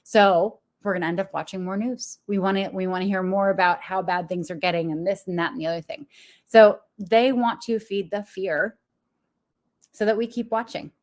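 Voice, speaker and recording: A woman's voice: medium pitch, fairly even intonation, normal speed. A young adult woman, a business coach, talking frankly and confessionally to viewers with frequent laughs. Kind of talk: candid motivational talk to viewers.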